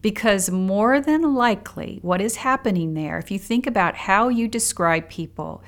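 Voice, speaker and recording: A woman's voice: mid-range voice, normal speed, few pauses. A woman hosting a solo podcast on personal growth from a home studio in a basement spare bedroom, speaking reflectively and asking the listener questions. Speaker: podcast host.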